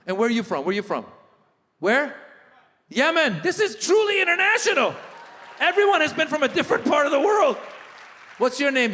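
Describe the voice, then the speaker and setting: A middle-aged man with a very high-pitched voice does stand-up comedy, engaging the audience in lively crowd work. The hall he performs in has a long reverb.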